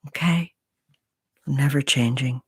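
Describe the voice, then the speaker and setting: A woman hosting a casual live stream, chatting playfully with viewers and slipping into soft whispers and remembered cheers. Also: a bass voice, unhurried, slightly rough, no room sound, studio quality. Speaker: tarot content creator, live stream host.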